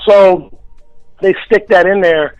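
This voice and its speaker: Man on a radio show, fairly high voice, close dry studio mic, swearing freely while he spins a story. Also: slow pace, clean tone, dry recording, highs cut off, soft background music. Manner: profane, blunt, animated storytelling. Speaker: guest. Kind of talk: casual storytelling interview.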